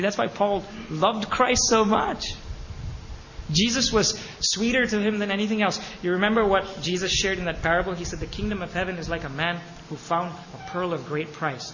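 A man preaching a sermon as pastor of his church, impassioned, with sudden loud peaks and hushed drops. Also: sits high, steady tone, normal speed, a little hiss or hum. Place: church sanctuary. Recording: long hall reverb, faint ambience.

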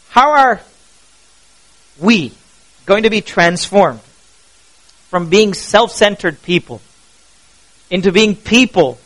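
A pastor preaching a sermon, animated and asking the congregation questions as he goes. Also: fairly high pitch, rough recording.

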